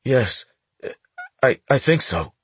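Brief: frightened teen boy, stammering, voiced much higher by a husky-voiced male narrator. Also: big pitch swings, no room sound, full character voice. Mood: hesitant. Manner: stammering, nervous and hurried. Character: scared, bloodied teenage boy, a river diver.

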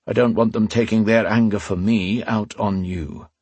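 Guy reading as tired old lord, deep and grave, husky low voice, kinda growly. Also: fairly even intonation, a little mellow, no echo, highs cut off. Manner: grave, measured, sometimes growling. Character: weary powerful old male ruler.

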